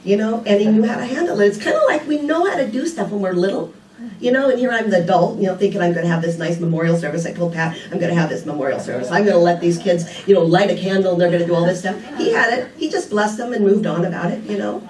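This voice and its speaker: A woman's voice: fairly low pitch, fast, darkish tone. An older woman giving a casual sermon, telling stories and asking rhetorical questions in a conversational way. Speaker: speaker at a spiritual community. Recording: echoey room, picked up from a distance.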